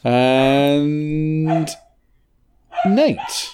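A man's voice: on the high side, drawn-out words, background noise. A man hosting a podcast in casual chat, jokey and rambling, laughing often. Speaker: podcast host.

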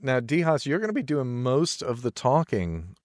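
A man co-hosting a podcast, chatting in a relaxed way and introducing the next segment. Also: medium pitch, normal speed, dry recording, clean studio sound. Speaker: podcast co-host. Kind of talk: casual podcast chat.

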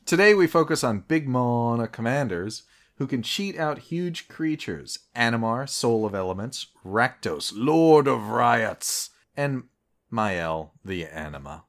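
A man hosting a podcast in casual chat, playful and quick to add pedantic corrections. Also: mid-range voice, very animated, fairly bright tone. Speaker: podcast host.

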